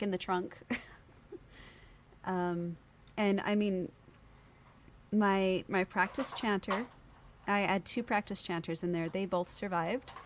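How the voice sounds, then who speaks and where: A woman guesting on a podcast recounts a personal experience with energy, performing the voices of those she quotes. Her pitch is medium, and the recording carries a little hiss or hum.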